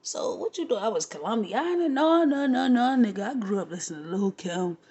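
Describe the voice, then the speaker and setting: A woman telling a long profane story in an animated, rambling rant, laughing now and then. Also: medium pitch, a little fast, slightly rough. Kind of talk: casual rant to camera.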